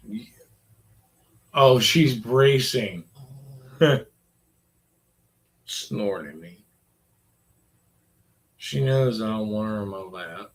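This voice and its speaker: A man's voice: fairly low pitch, drawn-out words, long pauses. A man in his forties rambling in a casual, profane chat and talking to his dog. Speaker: vlogger.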